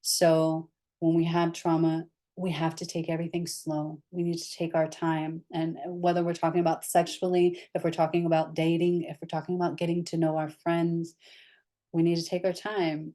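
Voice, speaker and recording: Leading a somatic therapy session, a woman speaks in a low, grounded voice. She's candid and gentle, often becoming soft and quiet as she guides the group.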